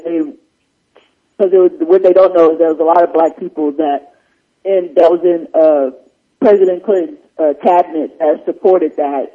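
A man's voice: high-pitched, narrow, tinny audio. A man joining a radio show, talking loosely in a rambling, restart-heavy way. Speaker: radio co-host. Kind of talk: casual on-air discussion.

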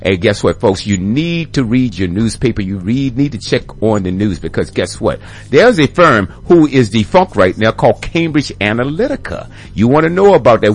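A man's voice: medium pitch, creaky. A man hosting a radio show, delivering an emphatic rant full of rhetorical questions to his listeners. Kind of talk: ranting radio commentary.

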